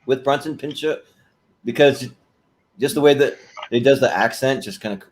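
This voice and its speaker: A man's voice: mid-range voice, moderate pace, slight background noise. A man co-hosting a podcast in casual chat, laughing as he retells a comedy sketch. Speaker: podcast co-host.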